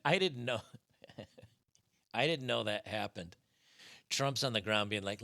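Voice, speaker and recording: A man's voice: on the low side, animated, measured pace, creaky, bright, forceful tone. A man hosting a live stream with casual political commentary, blunt, profane and mocking.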